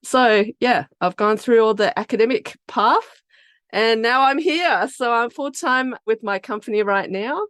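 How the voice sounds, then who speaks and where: A woman from Australia with an Australian accent, the founder of a biotech company, explaining her research and career in a relaxed, chatty podcast interview. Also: a little high, a little slow, no room sound, studio quality.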